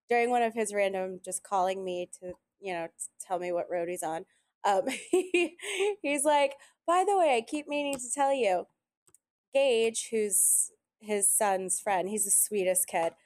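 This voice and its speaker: A woman chatting casually on a podcast, telling animated stories and quoting people often. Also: mid-range voice, moderate pace. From Italian heritage. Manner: animated storyteller, quotes others often. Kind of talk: casual chat.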